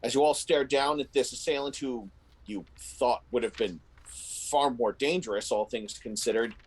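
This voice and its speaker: Over poor audio, a game master with a husky, mid-range voice describes a tabletop role-playing scene in vivid detail at a moderate pace. He tells it in an animated, descriptive way, often restarting.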